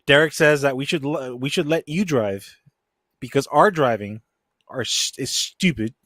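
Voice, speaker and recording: A man's voice: mid-range voice, moderate pace, fairly bright tone, no room sound, clean studio sound. A man hosting a podcast in casual chat, laid-back, laughing often and reading out viewer comments. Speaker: podcast host.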